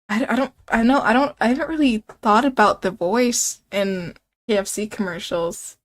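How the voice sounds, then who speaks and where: A young woman streaming a game, playfully reading its text aloud and chatting with viewers, giggling often. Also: fairly high pitch.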